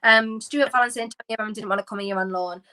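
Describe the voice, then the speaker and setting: Woman co-host, bright voice, casual opinionated football chat. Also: mid-range voice, rough recording. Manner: animated, opinionated, quick asides. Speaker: podcast co-host.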